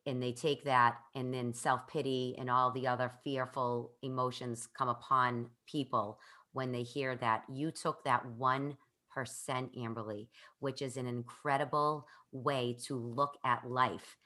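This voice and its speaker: A woman's voice: extremely low pitch, flat delivery, a little slow, bright, forceful tone. A woman hosting an interview, talking earnestly and at length, often restarting her sentences. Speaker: podcast host. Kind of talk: conversational interview.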